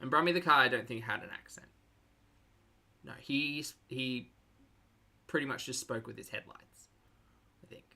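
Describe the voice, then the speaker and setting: Low woman's voice, bright and animated, wry streamer who laughs a lot. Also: normal speed, creaky, pauses often. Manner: wry, laughs often, reads chat messages. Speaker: streamer reacting to videos. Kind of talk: casual commentary chat.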